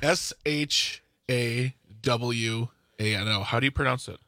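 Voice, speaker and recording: A man's voice: medium pitch, measured pace, pushed and bright, no room sound. A man co-hosting a morning radio show, joking and bantering with his partner. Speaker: radio co-host.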